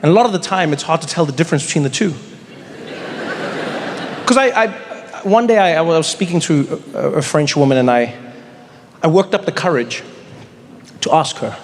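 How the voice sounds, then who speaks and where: A man's voice: fairly high pitch, lively intonation, normal speed, long pauses. A man in his thirties performing a stand-up comedy set, acting out the voices of the people in his stories. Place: large comedy venue with a live audience. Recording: live hall recording with crowd noise.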